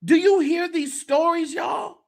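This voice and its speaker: A man's voice: extremely high pitch, a little slow, gravelly. A man hosting a church commentary show, reacting to a clip with exasperated, sarcastic asides.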